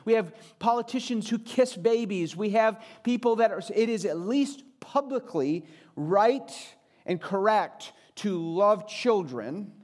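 Earnest male preacher, somewhat high voice. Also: darkish tone. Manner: earnest, varies pitch and pace for emphasis. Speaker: pastor. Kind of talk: sermon.

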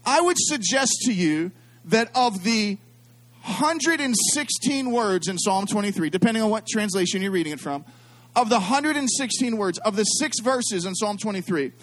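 A middle-aged man preaching a sermon as a pastor, animated and repetitive, calling on the congregation to answer him. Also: high voice, normal speed.

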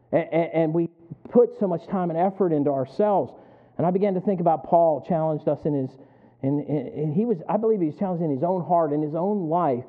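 A man preaches in a slightly high voice, swinging between chatty stories and drawn-out scripture. He keeps asking the congregation to call out the missing words. The sound is thin and tinny, like it came down a phone line. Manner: animated storytelling, asks the congregation to fill in words. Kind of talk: sermon.

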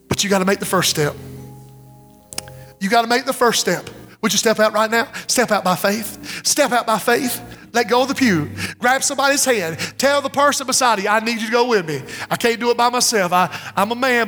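A high-pitched male preacher delivers an impassioned revival sermon in a church sanctuary, pleading again and again for listeners to step out. His voice rings with the long reverb of a large hall. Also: a bit bright. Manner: impassioned, repetitive pleading calls. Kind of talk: revival sermon with altar call.

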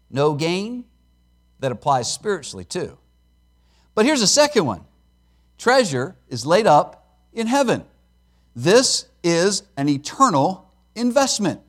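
A man preaching a sermon as a missionary, lively and emphatic with folksy asides. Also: sits high.

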